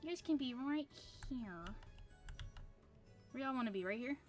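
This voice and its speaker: A woman's voice: sits high, lively intonation, normal speed, faint music behind. A woman streaming a game, chatting casually with a loose, profane, self-mocking manner. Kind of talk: casual live-stream chat.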